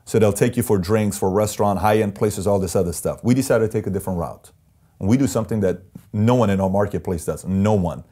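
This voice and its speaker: Man, interview guest, husky, dark tone, emphatic storytelling. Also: fairly low pitch, quick pace. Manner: intense, emphatic, acts out quoted voices. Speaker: interview guest, company CEO.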